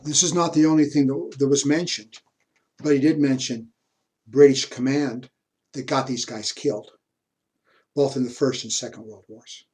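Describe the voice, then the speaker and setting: A man's voice: mid-range voice, fairly even intonation, normal speed, darkish tone. A man giving a university history lecture, telling personal stories in a chatty way and chuckling often. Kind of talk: classroom lecture with anecdotes.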